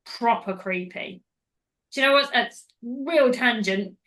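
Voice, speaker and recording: A woman's voice: a little high, measured pace, sharp tone. A woman hosting a podcast, recapping a film in casual, rambling chat that goes off on tangents. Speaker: podcast host.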